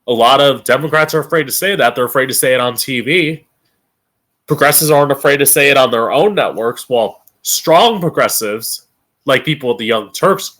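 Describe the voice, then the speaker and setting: A man's voice: medium pitch, fairly bright tone. Blunt, profane man ranting on a stream. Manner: emphatic, drawn-out stress on key words. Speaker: streamer hosting his own opinion show. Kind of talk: ranting political commentary.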